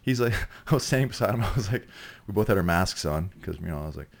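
A man's voice: sits low, animated, quick pace, vocal fry. A Canadian man telling rambling stories in casual chat, laughing often. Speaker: guest actor.

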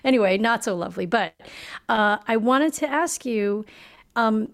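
A woman interviewing a guest in a friendly, chatty way with quick asides. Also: a little high, expressive, vocal fry. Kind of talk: conversational interview.

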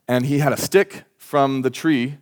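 A man's voice: medium pitch, a little slow, smooth. A man preaching a sermon at a church service, talking in a conversational, earnest way and telling stories with energy. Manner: conversational, earnest, animated storytelling. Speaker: pastor.

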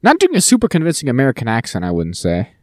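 Animated wry male podcast co-host. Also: mid-range voice, fast, no room sound, clean studio sound. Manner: wry, animated, mocking movie dialogue. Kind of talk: casual chat.

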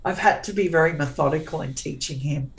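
A forthright woman in her forties talks as an interview guest, with a notably low, deep voice. She is sarcastic and plain-spoken, often starting a phrase twice before carrying on. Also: a little fast, rough recording. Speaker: guest author. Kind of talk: candid interview chat.

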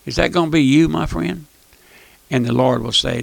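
A man's voice: fairly high pitch, normal speed, creaky, dry recording. A man preaching a fervent radio sermon, often repeating phrases and calling the listener "my friend". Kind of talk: fire-and-brimstone radio sermon.

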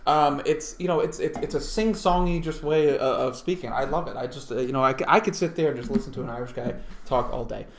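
A man's voice: mid-range voice, fast, roomy sound, a little hiss or hum. A man hosting a casual chat, rambling and joking with frequent swearing. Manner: rambling, profane, jokey. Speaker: podcast host.

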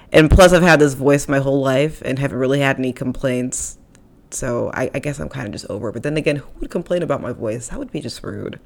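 Low-voiced chatty woman podcaster. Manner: chatty, self-deprecating, playful asides. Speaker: podcast host. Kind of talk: casual solo podcast talk. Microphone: studio microphone.

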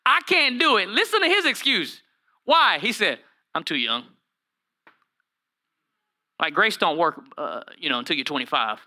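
A man pastor preaching a lively sermon, acting out Bible characters in comic voices and calling out to his listeners. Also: high-pitched. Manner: animated, acts out Bible characters in funny voices, calls to the congregation by name.

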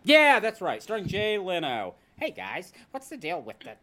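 A male podcast host in casual chat, ranting and joking as he tells a story. His voice sits a little high and swings widely in pitch, rising and dropping sharply for comic effect. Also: normal speed. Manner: animated, ranting, jokey storyteller.

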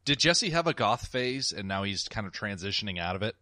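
A man's voice: fairly low pitch, very animated, fairly quick, pushed and bright, no echo, clean studio sound. A man co-hosting a podcast in a casual movie-recap chat, asking pointed questions in a wry way. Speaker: podcast co-host.

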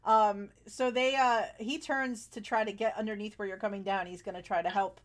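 A woman's voice: medium pitch, fairly even intonation, normal speed, a crowd in the background. A woman narrating a tabletop game as game master, chatty and laughing often, with frequent fillers.

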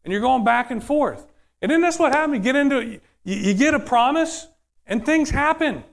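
A male preacher delivers a conversational sermon, often turning to ask the audience questions. His voice sits high for a man, and he shifts between quick asides and slow, weighty points. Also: expressive, vocal fry.

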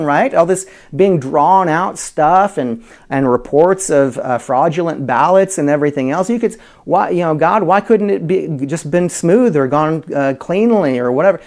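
A man teaching a Bible study in a conversational way, full of rhetorical questions and swinging between loud emphasis and quiet asides. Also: fairly high pitch. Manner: frequent fillers and restarts, chuckles.

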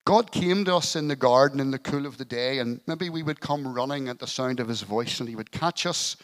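Male pastor, earnest sermon, storytelling, light humour, mid-pitched voice. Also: a little fast, rough recording.

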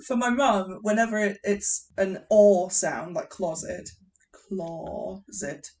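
A woman's voice: mid-range voice, measured pace, recorded from a distance. An English woman co-hosting a podcast, chatting casually and laughing often. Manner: giggly, animated, laughs often. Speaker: podcast co-host. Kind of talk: casual chat.

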